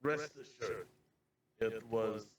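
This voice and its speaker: A man playing in a tabletop game, speaking in a measured, solemn way. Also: on the low side, lo-fi sound. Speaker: player.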